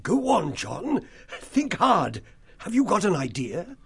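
An actor playing a grave elderly male mouse abbot who speaks calmly and measuredly in a full-cast audiobook. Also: high-pitched, takes it slowly, gravelly, exaggerated voice.

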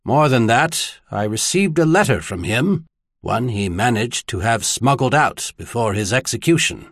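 A solemn middle-aged cleric from an audiobook, voiced by a man, talking in a flat, controlled way with quiet intensity. The tone is slightly husky and the recording sounds dry and close. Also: medium pitch, measured pace, dry recording.

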